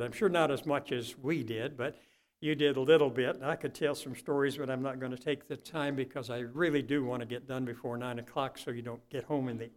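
An older man preaching a sermon, telling folksy stories and swinging from quiet asides to loud, impassioned peaks. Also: medium pitch.

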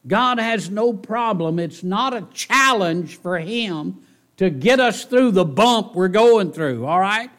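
A man preaching a sermon in church, folksy and animated, often asking the congregation rhetorical questions. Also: high voice, slow pace. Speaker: pastor.

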